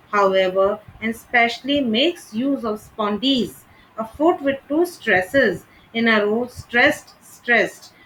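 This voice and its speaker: A woman reads a literature lesson from a script. She speaks unhurriedly and deliberately, in a slightly high voice, with a faint hum in the background. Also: a bit bright, rough recording. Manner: measured, deliberate reading. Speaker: literature teacher.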